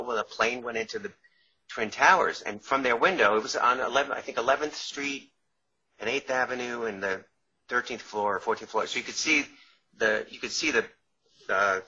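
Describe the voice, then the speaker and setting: Male guest with a New York accent, husky bright tone, chatty and self-interrupting; muffled lo-fi audio. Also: medium pitch, a little fast. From Long Island, New York. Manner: rambling, self-interrupting, laughs through stories. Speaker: guest, author and former caterer. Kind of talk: casual storytelling interview. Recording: dull lo-fi sound.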